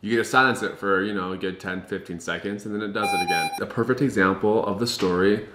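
A man's voice: on the low side, fast talker, roomy sound, very noisy. A young man, a family vlogger, talking casually and jokingly to his viewers. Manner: jokey, upbeat, addresses viewers. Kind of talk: casual vlog talk.

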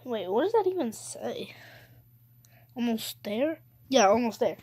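Woman, playful game commentary, rambling and giggly, very high voice, lively swoops. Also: a little slow, breathy edge. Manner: giggly, rambling, bursts of squeals and cheers. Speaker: gaming video host. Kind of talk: playful live gameplay commentary.

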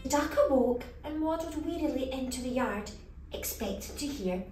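A woman's voice: sits high, expressive, moderate pace, echoey room, far from the mic, music in the background. A woman hosting a children's storytime, reading a picture book aloud expressively, gasping and exclaiming along the way.

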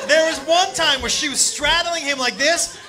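High-voiced, excitable male stand-up comic. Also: normal speed. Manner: loud, excitable, profane, acts out the people in the story. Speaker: stand-up comedian. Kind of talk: stand-up storytelling. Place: comedy club stage with laughing audience. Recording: live club recording with crowd noise.

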